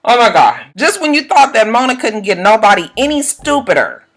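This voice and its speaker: A woman's voice: very animated, fairly quick. Woman ranting about a reality show on her vlog, voice jumping all over, cussing and cracking up. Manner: loud, profane, laughing, swinging from low mutters to high shrieks; acts out the cast members' lines in quoted voices. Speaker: YouTube reality-TV reviewer.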